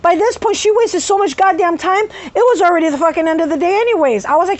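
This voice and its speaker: High-voiced woman telling a heated story. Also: fast. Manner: profane, animated storytelling with vocal tic outbursts. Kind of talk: casual story time.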